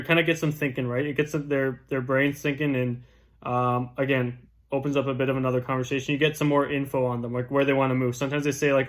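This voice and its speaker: A man's voice: mid-range voice, little pitch movement, fast talker. A young man casually teaching door-knocking scripts as a real estate agent, tagging his points with "right?". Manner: chatty, keeps asking "right?". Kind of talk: casual instructional talk.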